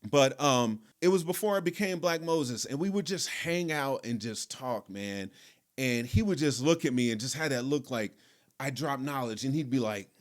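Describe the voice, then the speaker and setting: A man hosting a podcast, telling a personal story in a relaxed, conversational way. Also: mid-range voice, normal speed. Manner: relaxed, conversational, lots of fillers. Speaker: podcast host. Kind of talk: casual storytelling.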